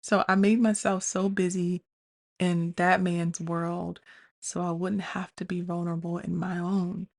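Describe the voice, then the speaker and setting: A woman hosting a podcast, thinking out loud in a candid, confessional way and often restarting her sentences. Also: on the low side, flat delivery, unhurried. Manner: confessional, self-questioning, many restarts; addresses listeners as "y'all". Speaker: podcast host. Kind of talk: candid personal monologue.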